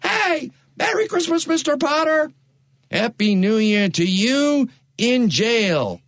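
Guy doing a giddy family man yelling his head off, radio play, voice leaps all over the place. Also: very high-pitched, big pitch swings, slow, no room sound, clean studio sound, voice pushed up, exaggerated voice. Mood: ecstatic. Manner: shouting, ecstatic, near tears. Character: overjoyed small-town family man, adult male. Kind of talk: amateur radio play reenactment.

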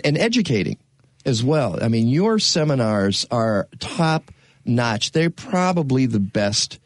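A man's voice: fairly low pitch, dry recording. A man hosting a radio talk show, rambling and joking with lots of fillers from a studio. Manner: rambling, jokey, full of fillers.

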